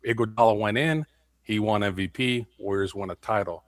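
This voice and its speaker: A man talking sports on a casual panel chat, emphatic and animated when he makes a point. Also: fairly low pitch, moderate pace, no room sound, clean studio sound. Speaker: guest co-host.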